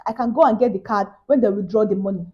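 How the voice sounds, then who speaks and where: A young woman with a Nigerian English accent tells a story to her viewers in a casual vlog, swinging between loud exclamations and hushed asides. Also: mid-range voice, fast, dull audio, noisy background. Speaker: vlogger.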